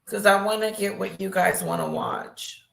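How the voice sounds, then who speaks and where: A woman's voice: medium pitch, fairly even intonation, creaky, a bit bright. A woman hosting a livestream, chatting casually and unhurriedly with her viewers. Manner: unhurried, talks to chat. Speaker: livestream host. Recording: echoey room.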